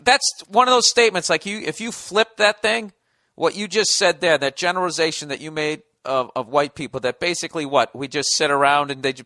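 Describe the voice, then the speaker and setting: On his podcast, a man with a high, sharp voice rants with heavy sarcasm and plenty of swearing, mocking and grumbling through a comic monologue. The recording is close and dry, with no room sound at all.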